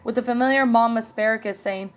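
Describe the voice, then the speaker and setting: A woman's voice: fairly high pitch, steady tone, fast talker. A woman narrating a horror story in a plain, earnest reading style. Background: faint music.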